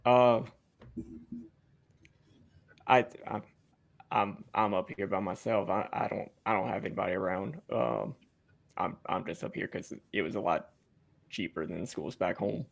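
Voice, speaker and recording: A nervous young college student from Louisiana, played by a man, stammering through every sentence. His voice is low and gravelly with plenty of fry, and he sounds hesitant and unsure of himself. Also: unhurried, pauses often, exaggerated voice.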